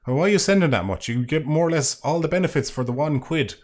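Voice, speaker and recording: A man's voice: on the high side, animated, fast talker. A man with a rambling, sweary, sarcastic manner, casually chatting while reading super chats on a live stream.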